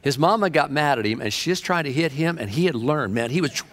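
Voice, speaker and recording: A man preaching a sermon with fervent energy, telling stories and shifting between quick and drawn-out phrases. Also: fairly high pitch, expressive, fairly bright tone.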